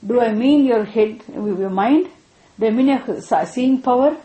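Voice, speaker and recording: A woman's voice: a little high, measured pace, warm tone. A woman teaching a scripture class, repeating points and often asking her students if they understand. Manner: repetitive, checks students with frequent questions. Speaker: spiritual teacher. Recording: echoey room.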